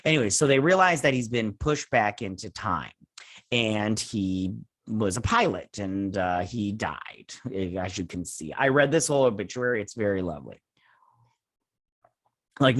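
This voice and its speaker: A man's voice: lowish voice, a bit bright, no echo. A man hosting a casual episode recap from home, rambling and sarcastic, leaning on "and everything" and swearing in asides. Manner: rambling, says "and everything" and "he's like" a lot. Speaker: host reviewing a TV episode. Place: home with children playing nearby.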